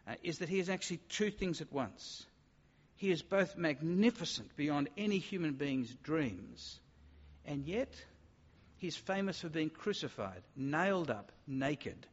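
A man preaching a sermon, emphatic, sometimes acting out the voices of doubters. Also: on the high side. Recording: dull sound with long hall reverb.

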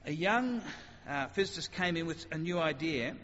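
A man preaching a conversational sermon, animated, with rhetorical questions. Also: a little high, moderate pace, slight background noise. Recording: dull sound with long hall reverb.

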